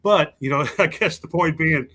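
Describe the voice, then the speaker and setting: As a podcast guest from Louisville, this man spins casual stories in a folksy drawl, imitating the people he encountered. He speaks at normal speed in a slightly high, fairly bright voice.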